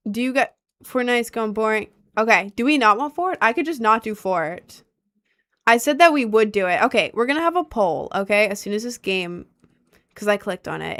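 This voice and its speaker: A young adult woman livestreaming, chatting casually and reacting to her chat with lots of slang and quick asides. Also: mid-range voice, fairly bright tone.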